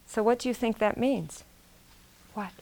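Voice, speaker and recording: A woman's voice: on the high side, unhurried, creaky, warm tone. A woman telling a traditional story aloud, repeating phrases and asking her listeners questions. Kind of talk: oral storytelling to a live audience.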